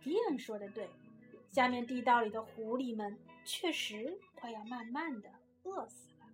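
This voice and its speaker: High-voiced mom reading a children's story. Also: female voice, normal speed. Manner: lively expressive reading, lifts her voice for the characters' lines. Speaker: co-host reading the story, the child host's mother. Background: faint guitar music.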